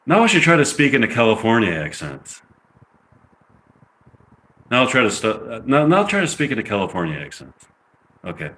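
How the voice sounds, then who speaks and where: A man's voice: medium pitch, huge pitch swings, brisk, pauses often, pushed and bright. A man reading through a script he wrote, rambling and interrupting himself, with many fillers. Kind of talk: amateur script read-through.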